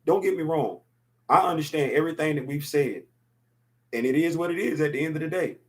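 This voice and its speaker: A man's voice: a little high, a little fast. A man in his fifties hosting a casual opinion show, talking emphatically and repeating words to drive his points home. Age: 50s. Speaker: podcast host.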